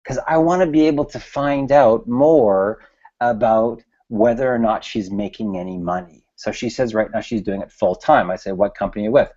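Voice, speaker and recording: A man's voice: mid-range voice, normal speed, darkish tone, muffled recording. A man coaching listeners in casual chatter, often checking in with "okay" and "right.". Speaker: business coach. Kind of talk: screen-share tutorial talk.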